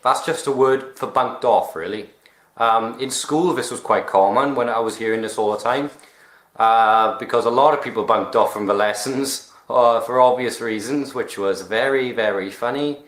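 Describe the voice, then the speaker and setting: A man's voice: medium pitch, moderate pace, a bit bright. Roomy-sounding young Welsh man. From Wales. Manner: rambling, self-mocking, swears and laughs at himself. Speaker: vlogger. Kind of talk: casual chat explaining local slang.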